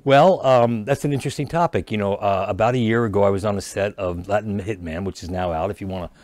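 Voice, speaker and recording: A man, an actor and comedian, telling animated stories as a guest in a casual studio interview. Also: on the low side, quick pace, no echo. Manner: animated storyteller who jokes and restarts lines.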